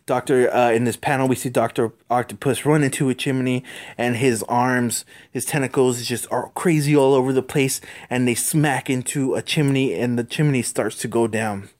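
Halting man reading a comic aloud. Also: mid-range voice, fairly even intonation. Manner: halting, repeats words and restarts often. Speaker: comic book reader. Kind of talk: casual comic read-aloud.

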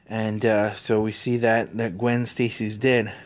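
A man hosting a podcast, giving a casual, halting recap of a comic book with many fillers. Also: on the low side, level tone. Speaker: podcast host.

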